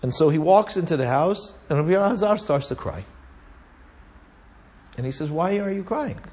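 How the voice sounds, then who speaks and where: This Talmud teacher has a slightly high, husky voice with a darkish tone and lively intonation, moving at a moderate pace. He tells a story in an animated Torah class, mixing in Hebrew and Aramaic terms and often asking "right?" to check in.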